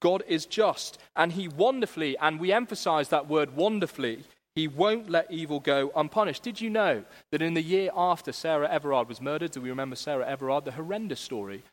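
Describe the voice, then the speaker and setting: Young male preacher, fairly high voice, earnest and lively, church echo. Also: a little fast, few pauses. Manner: earnest and animated, shifting from self-mocking humor to hushed gravity. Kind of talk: sermon. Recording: long church reverb.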